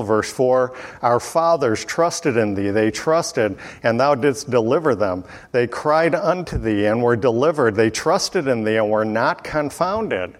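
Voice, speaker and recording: Male Bible teacher, mid-pitched, unhurried verse-by-verse delivery, heavy hall reverb. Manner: unhurried, frequent uh fillers and throat clearing.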